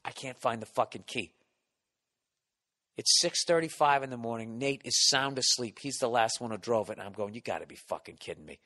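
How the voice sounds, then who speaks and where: A man hosting a podcast, telling a profane comic story in an animated, mock-ranting way. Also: medium pitch, moderate pace, big-room sound. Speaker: podcast host.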